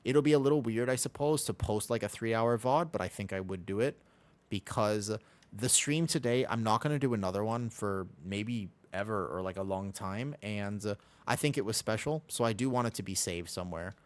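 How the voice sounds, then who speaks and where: An American man with a fairly low voice chats casually at normal speed on a live gaming stream, rambling along and humming to himself into a desk mic.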